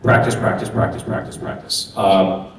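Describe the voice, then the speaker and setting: A man on a convention panel answering audience questions in a loose, halting way, with restarts and fillers. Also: on the low side, flat delivery. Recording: echoey hall, distant mic, faint noise.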